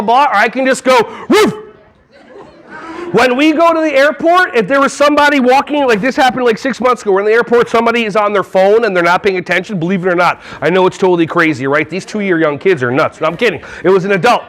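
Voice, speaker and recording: A man from New Jersey giving a playful, animated keynote on early childhood classroom management to a conference crowd. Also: extremely high pitch. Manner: playful and animated, breaking into silly voices and songs. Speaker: early childhood education trainer. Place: large conference hall.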